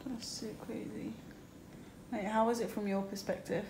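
A young UK woman, a vlogger and new mother, chats casually to her phone camera from a hospital room, sounding tired and out of breath with bursts of laughter. Her mid-range voice is steady, at normal speed with vocal fry, over background hiss and room noise.

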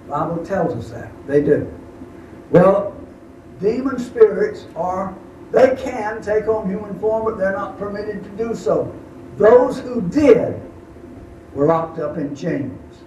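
A man's voice: sits high, expressive, takes it slowly, dark tone, slight background noise. An older man preaching a sermon, telling a story in a folksy, drawling way. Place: camp meeting hall. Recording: echoey, distant, dull camp room recording.

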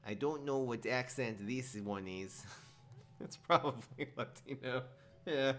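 A man's voice: medium pitch, takes it slowly, a bit bright. A man from Minnesota streaming a card game, joking and talking to his viewers in casual commentary. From Minnesota, USA. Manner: playful, jokey, talks to viewers, frequent laughs. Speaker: gaming streamer.

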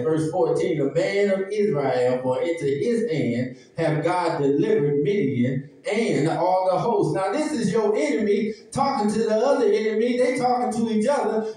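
A man preaches to his congregation in a high, mellow voice, keeping it folksy and conversational. The sound is echoey and distant, like a sanctuary recorded from across the room, with amens coming back from the pews. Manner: folksy, conversational preaching with dialect and call-and-response. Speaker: pastor. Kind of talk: sermon. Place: church sanctuary. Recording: echoey church hall, mic at a distance. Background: congregation answering amen.

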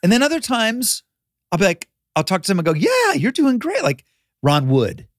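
A man's voice: high-pitched, sing-song, normal speed, no echo, clean studio sound. An older man, a guest on a podcast, chatting casually and poking fun at himself. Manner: self-mocking, plays out his own past lines. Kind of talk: casual chat.

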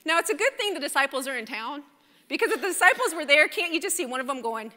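Preaching in a church sanctuary, a woman speaks with a high, bright voice that rings through the long reverb of a large hall. Her sermon is chatty and animated, and she keeps turning to the congregation with a quick "right?" while they respond.

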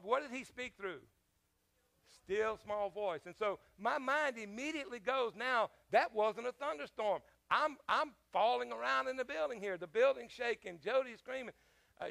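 A man's voice: extremely high pitch, gravelly, fairly bright tone. A man preaching a sermon as pastor, telling a personal story in a conversational way, with frequent fillers and questions to the congregation.

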